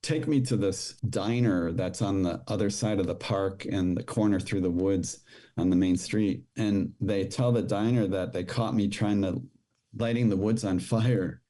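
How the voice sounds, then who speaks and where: A man's voice: lowish voice, moderate pace, mellow. A middle-aged man, a podcast guest, telling his own childhood story with emotion and quoting the people in it. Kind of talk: personal storytelling.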